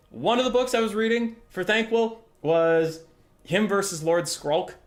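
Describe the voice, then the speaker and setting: A young man streaming a game, chatting in a lively, gushing way and swearing freely. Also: fairly high pitch. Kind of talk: casual chat while streaming a game.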